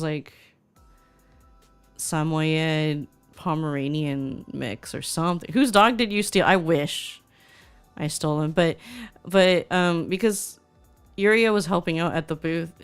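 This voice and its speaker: A woman's voice: deep voice, smooth. A young woman VTuber chatting casually on stream, gushing and reading chat aloud.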